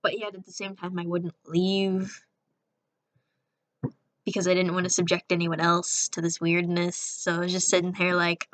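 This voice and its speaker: A woman's voice: lowish voice, completely flat delivery, moderate pace. A young woman casually telling a rambling storytime, sarcastic, often acting out quotes in a raised voice. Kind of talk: casual storytime over a speedpaint.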